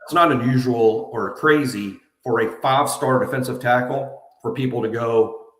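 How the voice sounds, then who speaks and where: A man's voice: mid-range voice, normal speed, a bit bright. Man in an echoey empty room. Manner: emphatic, repeats himself. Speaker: co-host. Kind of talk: casual sports talk. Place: nearly empty house being moved out of.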